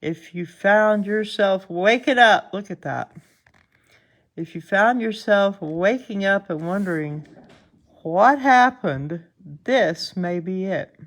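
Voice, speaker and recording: A woman's voice: medium pitch, slow. A woman with a Southern US accent, just woken up and sleepy, chatting casually through a live stream as she thinks aloud over space weather charts. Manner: chatty, laughs often, thinks aloud while scanning charts.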